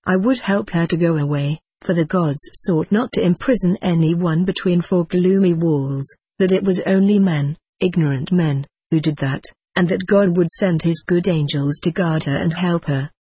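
A reader narrating an old-fashioned first-person novel in a measured way for an audiobook. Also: mid-range voice, dark tone, husky, no room sound. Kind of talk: audiobook reading.

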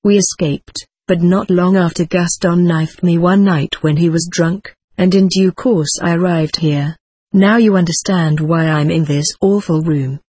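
Brief: woman audiobook narrator, husky and lowish, dry close mic. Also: fairly even intonation, unhurried, dark tone, no room sound. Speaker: audiobook reader. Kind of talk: first-person story narration.

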